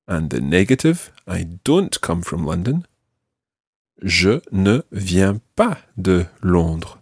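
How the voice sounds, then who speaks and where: A French teacher with a husky, fairly low male voice gives a language lesson to a learner. He models each phrase slowly and patiently, his pitch rising and falling a great deal. The recording sounds close and dry.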